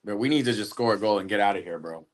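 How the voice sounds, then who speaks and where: A young man with a fairly low voice riffs through a football watch party, tossing out slang and jokes. His talk is loose and animated, like chatting with friends on the couch. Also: very fast. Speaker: sports watch-party host. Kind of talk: casual live reaction commentary.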